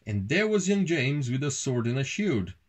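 A man's voice: mid-range voice, sing-song, moderate pace, slightly rough. A father reading a rhyming bedtime story aloud at home, in a rhythmic, sing-song delivery.

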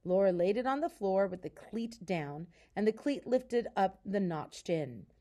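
A woman, a teacher, reading a children's novel aloud in a calm, soft storytelling voice. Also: mid-range voice, a little slow.

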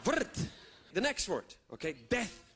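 Animated man doing stand-up, high voice. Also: unhurried. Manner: animated, playful delivery. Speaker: stand-up comedian. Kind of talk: stand-up comedy routine. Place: stage before a live audience. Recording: live stand-up with audience noise.

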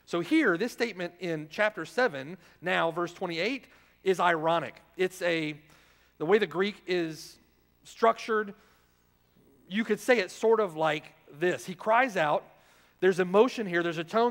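Male pastor, sermon, pitched a bit high, punchy rhetorical questions, long church reverb. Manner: emphatic, rhetorical questions, swings from loud to hushed. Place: church sanctuary.

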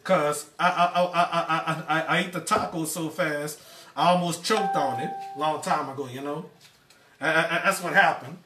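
A man's voice: fairly high pitch, steady tone, normal speed, sharp tone. Stammering man hosting a cooking stream. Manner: stammering, repeats words, addresses viewers as y'all. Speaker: cooking show host. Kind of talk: casual live-stream chat. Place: home kitchen. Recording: echoey kitchen, distant mic.

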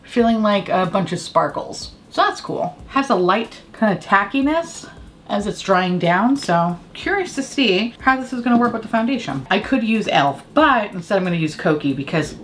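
A woman beauty vlogger chatting casually as she does her makeup and tells a story, candid, profane and quick to laugh. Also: mid-range voice, animated, a little hiss or hum.

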